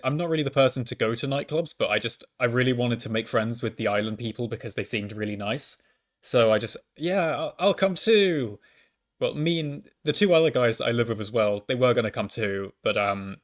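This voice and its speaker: Speaking at medium pitch, this young university student tells a laid-back story into a mic at home. He keeps stumbling, starting over, and poking fun at himself along the way.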